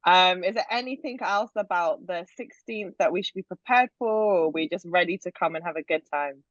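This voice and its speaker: A woman's voice: lowish voice, fairly quick, no echo, highs cut off. A woman hosting a podcast interview, bubbly and enthusiastic in casual chat. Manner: bubbly, enthusiastic, lots of "amazing". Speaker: podcast host.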